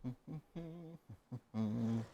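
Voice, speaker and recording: A man's voice: mid-range voice, very slow, mellow, muffled recording, slight background noise. A man streaming himself cooking in a home kitchen, chatting casually and rambling to himself as he works.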